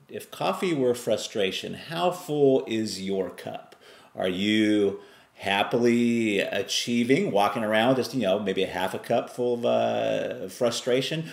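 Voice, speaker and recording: A man's voice: on the low side, expressive, measured pace, vocal fry, echoey room. A middle-aged man giving a casual motivational talk to camera, folksy and rambling, now and then acting out exasperated remarks. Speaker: online business vlogger.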